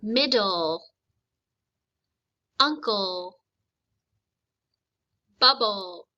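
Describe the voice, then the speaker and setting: A woman teacher leading a phonics lesson, slowly modeling words for children to repeat. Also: medium pitch, expressive, bright, forceful tone. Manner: slow, deliberate modeling of words for repetition. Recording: slightly dull lo-fi recording.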